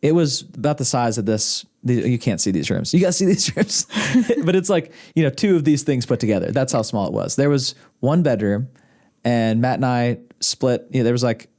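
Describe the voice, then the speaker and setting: A man's voice: medium pitch, lively intonation, a little fast, a little mellow. A man, a podcast guest telling rambling stories in casual conversation, often chuckling and restarting his sentences. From Arkansas, USA. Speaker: podcast guest, husband of host. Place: indoors, podcast studio room.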